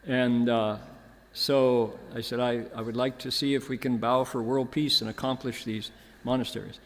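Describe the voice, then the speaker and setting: An older man speaks as a monk giving a dharma talk, telling a story in an easy, anecdotal way and voicing the people in it. His voice sits at an ordinary middle pitch. It rings with the long reverb of a large temple hall. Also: normal speed, a little hiss or hum. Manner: relaxed anecdotal storytelling with quoted dialogue. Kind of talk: storytelling lecture.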